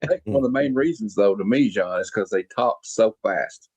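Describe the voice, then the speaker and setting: A man with a Southern US accent chatting on a panel, slow and easygoing. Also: on the low side, darkish tone, breathy edge, no room sound. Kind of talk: casual chat. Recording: dull lo-fi mic.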